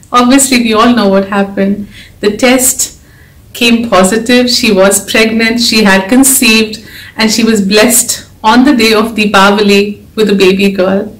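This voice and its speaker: A woman giving an earnest, emotional devotional talk, urging her listeners to keep faith. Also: fairly high pitch. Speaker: devotional speaker and author. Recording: echoey room.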